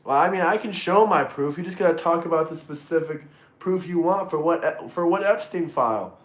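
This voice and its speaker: Streamer dude chatting w his viewers, fired up, cusses a lot, pretty high voice, echoey room. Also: normal speed. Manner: excitable, swears freely, repeats himself. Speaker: livestream host reading chat. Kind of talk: casual livestream chat. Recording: roomy echo.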